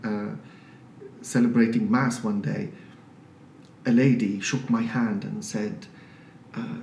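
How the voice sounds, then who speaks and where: A man from Syria speaks as an interview guest, telling his stories with lively emphasis. He sits a little back from the mic, so his voice carries the room's echo over a faint hiss. It is a medium-pitched, conversational delivery. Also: takes it slowly, vocal fry, long pauses. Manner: animated, emphatic storyteller. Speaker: priest, charity director. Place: charity office. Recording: roomy office, mic at a distance, faint hiss.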